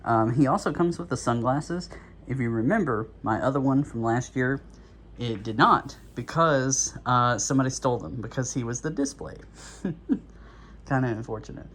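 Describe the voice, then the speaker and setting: A man chats through an unboxing in a loose, rambling way, full of little fillers and restarts. His voice sits at an ordinary middle pitch and sounds slightly out of breath. A faint room hum sits underneath. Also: normal speed, a bit bright. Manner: rambling and easygoing, with many fillers. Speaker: toy and prop reviewer. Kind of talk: casual unboxing talk.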